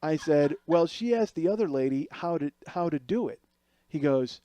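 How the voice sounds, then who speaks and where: A man's voice: a little high, expressive, moderate pace, mellow. A middle-aged man telling a comic story as a podcast host, acting out other people's voices as he goes.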